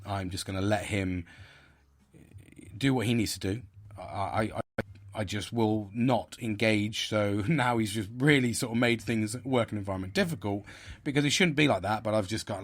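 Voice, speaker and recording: A man's voice: lowish voice, normal speed. A man hosting a podcast, talking in a rambling, frustrated way with many restarts and fillers. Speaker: podcast host. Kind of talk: casual monologue.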